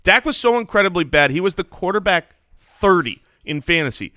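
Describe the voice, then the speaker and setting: A man co-hosting a fantasy football podcast, animated and playful, joking between stats. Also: high voice, fairly quick, soft background music. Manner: animated, playful, jokes and sings snippets. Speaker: podcast co-host.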